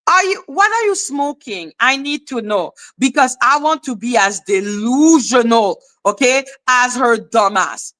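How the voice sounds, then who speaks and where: A woman hosting a commentary livestream, ranting with heavy profanity and mockery, breaking into shouts. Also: fairly high pitch, expressive, measured pace, hardly any pauses. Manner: profane, mocking, shouts in outbursts. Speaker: commentary channel host. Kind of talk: heated livestream rant.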